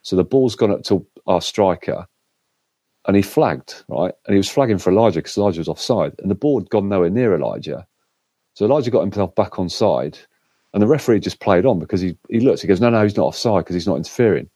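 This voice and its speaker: Deep-voiced Englishman telling a story. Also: fairly quick, slightly rough, no room sound. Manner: animated storyteller, acts out quotes. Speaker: co-host. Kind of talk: casual chat.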